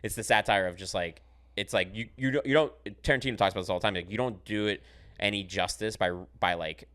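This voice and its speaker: A man's voice: on the low side, quick pace, a bit bright. A man hosting a podcast in casual chat, rambling and swearing freely as he tells stories. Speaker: podcast host.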